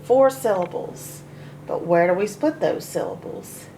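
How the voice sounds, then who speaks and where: A woman teaching a phonics lesson to children, sounding out each word slowly, syllable by syllable. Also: lowish voice, lively intonation, warm tone, slight background noise. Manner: slow, sounding out syllables one by one. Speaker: reading teacher.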